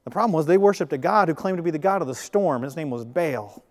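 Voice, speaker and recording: A man preaches in a higher-pitched voice, keeping it conversational and joking, sometimes acting out short quotes. His voice rings out with long reverb, as if in a large church hall. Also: quick pace. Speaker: pastor. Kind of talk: sermon.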